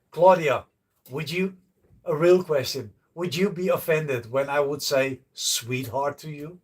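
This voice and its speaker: A man's voice: on the high side, slightly rough, distant mic. A man chatting to viewers on a casual livestream, blunt and joking, swearing freely. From Netherlands. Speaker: livestreaming host. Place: outdoors by a canal.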